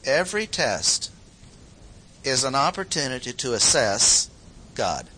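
Emphatic preacher man, bright tone. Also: sing-song, a little hiss or hum, low-quality recording. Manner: emphatic, slow repeated phrases with sudden pitch jumps. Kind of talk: sermon.

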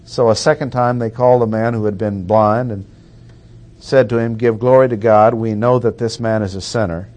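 A man preaching an expository sermon, reading verses aloud and repeating key points with deliberate emphasis. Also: lowish voice, fairly even intonation, darkish tone.

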